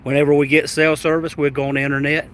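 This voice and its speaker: A man with a Southern US accent, telling a travel story to his vlog audience in a rambling, animated way with stammered restarts. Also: on the high side, fast, a little hiss or hum. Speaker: travel vlogger. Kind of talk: casual storytelling.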